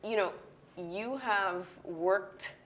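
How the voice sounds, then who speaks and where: A woman interviewing an award honoree at an event, introducing her guest in a measured way. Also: medium pitch, fairly bright tone, a little hiss or hum.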